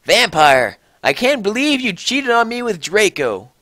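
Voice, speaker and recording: A furious, melodramatic goth teenage girl yells in a shrill, raised voice, as a man puts her on. The sound is close and dry, with no room around it. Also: big pitch swings, a little slow, no room sound, heavily acted. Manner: shouting in an exaggerated high voice.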